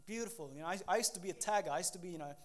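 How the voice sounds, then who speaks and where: A pastor in his thirties preaching a sermon, animated, acting out quick voices and laughing at himself. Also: high voice.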